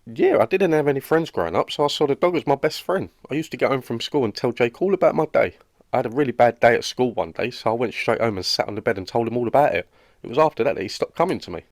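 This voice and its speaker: A man's voice: mid-range voice, lively intonation, quick pace, dry recording, studio quality, natural voice. A man voicing a lonely, awkward young roommate in a cartoon, speaking with a British accent in an earnest, rambling way. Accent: British English. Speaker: cartoon character. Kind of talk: animated comedy dialogue.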